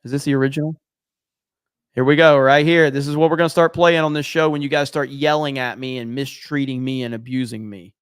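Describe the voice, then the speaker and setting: A man's voice: medium pitch, steady tone, fairly quick, smooth, no echo, clean studio sound. A man hosting a casual late-night livestream, reading viewer messages aloud with joking, profane banter. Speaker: livestream host.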